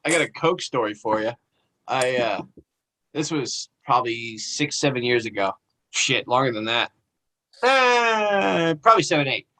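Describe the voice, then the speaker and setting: A man on a podcast telling a profane anecdote in a casual, animated way. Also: medium pitch, measured pace, rough recording. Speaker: podcast co-host. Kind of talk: casual storytelling chat.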